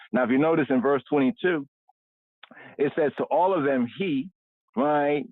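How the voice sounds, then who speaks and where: A man's voice: mid-range voice, dry recording. Man teaching scripture over a tinny line. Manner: tags nearly every phrase with "right?" and repeats words over and over. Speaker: scripture study leader. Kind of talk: unscripted scripture word study. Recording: tinny phone-line sound, dry.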